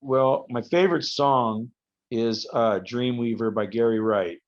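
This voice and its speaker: Man rambling on a dull recording. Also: medium pitch. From United States. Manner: rambling storyteller, halting restarts. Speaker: guest, professional wrestler. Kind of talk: casual podcast interview. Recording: slightly dull lo-fi audio.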